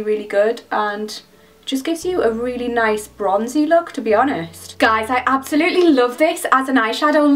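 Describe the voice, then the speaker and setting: A young woman with a fairly high voice talks through her makeup routine, enthusing over every shade and brush. She sounds a little far from the mic, with soft music playing underneath. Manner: gushing, enthusiastic product commentary. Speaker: beauty vlogger. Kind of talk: casual makeup tutorial chat. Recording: mic at a distance, faint background music.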